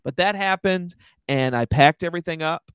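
A man's voice: on the high side, normal speed, fairly bright tone, clear, resonant tone, no echo, studio quality. A young man, a stand-up comedian, telling a long, rambling story with lots of swearing in a casual podcast chat.

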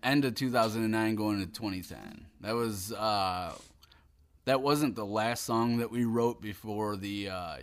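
A musician from Ohio chatting casually on a podcast, swearing freely and joking loudly. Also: male voice, on the low side, unhurried, clear, resonant tone. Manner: profane, loud and jokey. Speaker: musician guest.

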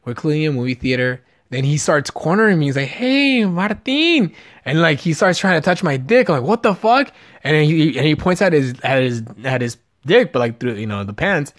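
A man's voice: a little high, lively intonation, fast talker, few pauses. A man in his twenties talks casually as a podcast host. His speech is loose and rambling, packed with fillers and swearing. He has a Californian accent. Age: 20s. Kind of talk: casual chat.

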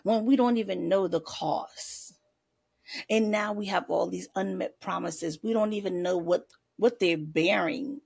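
A woman's voice: mid-range voice, measured pace, gravelly, darkish tone, slightly rough. A woman life coach giving faith-based advice in a sassy, playful podcast talk, tossing in pet names and laughing often.

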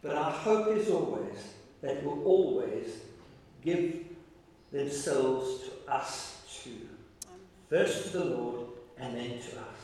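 A man preaching a sermon as pastor, telling stories in a warm, emotional way with halting restarts and repeated words. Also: mid-range voice, expressive. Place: large church hall. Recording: echoey hall, voice from far off.

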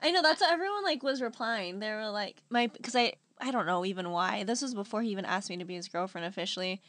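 A woman's voice: mid-range voice, quick pace. A young woman in her twenties co-hosting a podcast, chatting casually and telling stories with frequent laughter. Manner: laughs often, animated storytelling with acted-out quotes. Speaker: podcast co-host. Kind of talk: casual chat.

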